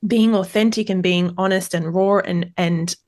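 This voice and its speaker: A woman's voice: fairly low pitch, fairly even intonation, moderate pace, a little mellow. A woman hosting a podcast interview. She asks questions conversationally, with fillers and restarts. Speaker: podcast host.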